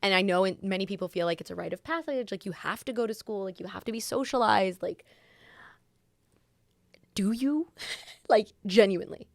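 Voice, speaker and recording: A young woman co-hosting a podcast, chatting casually and acting out quotes in a lively, animated way. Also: fast, gravelly, dry recording. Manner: animated, acts out quotes in a high voice. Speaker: podcast co-host. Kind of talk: casual chat.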